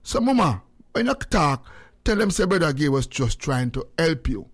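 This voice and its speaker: Lively Jamaican man, slightly high voice. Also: moderate pace, slightly rough. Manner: lively, switching between English and patois, preachy. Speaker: radio host. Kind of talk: casual chat.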